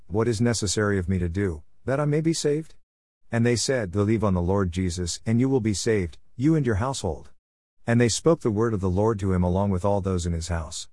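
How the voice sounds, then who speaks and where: A man reading Bible passages aloud in a steady, measured cadence. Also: on the low side, dry recording, studio quality. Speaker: Bible reader. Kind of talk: scripted scripture reading.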